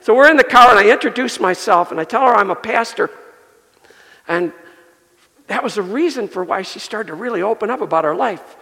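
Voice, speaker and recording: A male pastor preaching a sermon and telling a personal story, earnest, building up and softening by turns. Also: high voice, lively intonation, fairly quick, gravelly. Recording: long reverb of a large hall.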